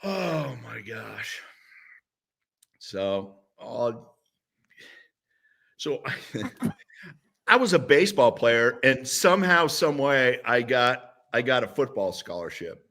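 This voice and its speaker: Bright-voiced man in his sixties. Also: medium pitch, takes it slowly, vocal fry, pauses often. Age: 60s. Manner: animated storyteller. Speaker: guest, former football player. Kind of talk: casual interview chat.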